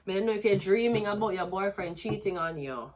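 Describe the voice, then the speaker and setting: A woman's voice: mid-range voice, a little fast, crowd noise. Woman, tarot reader, blunt, rambling, crude casual delivery. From Jamaica. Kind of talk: casual tarot reading with sung snippets.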